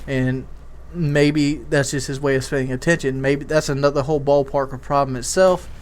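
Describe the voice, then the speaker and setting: In a medium-pitched voice at a moderate pace, a male YouTube commentator keeps his tone steady. His talk is a casual, rambling parenting story told candidly, full of repeated words and fresh starts.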